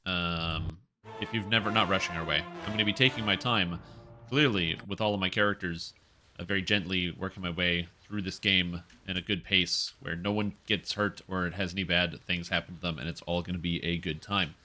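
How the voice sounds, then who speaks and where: A man's voice: low-pitched, fairly even intonation, brisk, sharp tone, soft background music. A man streaming a video game, chatting casually and rambling through corrections as he plays. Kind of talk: casual gaming stream chat.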